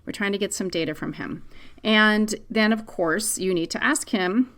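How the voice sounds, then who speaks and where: A middle-aged woman hosting a parenting podcast, answering a listener's question in a candid, conversational way. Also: moderate pace. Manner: candid, conversational, animated pitch swings.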